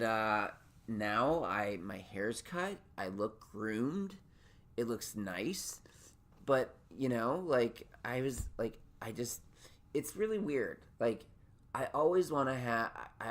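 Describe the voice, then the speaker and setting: A man hosting his own podcast, ranting in a rambling, neurotic and profane way. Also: medium pitch. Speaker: podcast host. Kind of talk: solo comedic rant.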